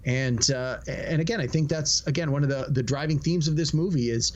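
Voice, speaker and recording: Male podcast co-host, slightly high pitch, thoughtful conversational delivery. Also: fairly quick, darkish tone, muffled recording. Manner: reflective, repeats words while thinking. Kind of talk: casual movie review chat.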